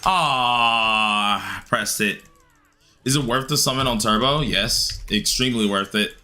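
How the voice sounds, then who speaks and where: A man streaming a game live, chatting casually with viewers and grumbling loudly at the game in an excitable way. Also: medium pitch, takes it slowly, faint music behind. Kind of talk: live-stream gameplay commentary answering chat.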